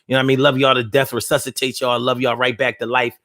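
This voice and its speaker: A male host talking loosely to his live audience, cursing freely and leaning on slang. He jokes with his listeners and addresses them directly. His voice sits at a middle pitch for a man. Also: little pitch movement, quick pace, pushed and bright, no echo, studio quality. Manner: loose, profane, slang-heavy ranting; teasing, talks straight to listeners. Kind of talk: casual live-stream talk.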